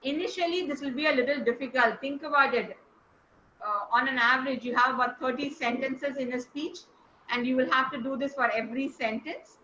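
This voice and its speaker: Teaching over a video call, this woman coaches speaking and fires encouraging questions at her class. She talks fairly quickly in a high, sharp voice. There's a little hiss or hum, and the sound is echoey and somewhat dull.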